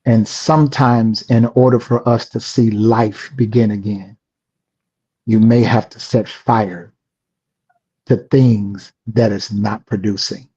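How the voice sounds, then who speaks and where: A man's voice: lowish voice, fairly even intonation, takes it slowly, warm tone, breathy edge, muffled recording. A man co-hosting a podcast, giving an earnest, sermon-like closing reflection. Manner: earnest, affirming, sermon-like wrap-up. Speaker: podcast co-host. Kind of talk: casual podcast talk.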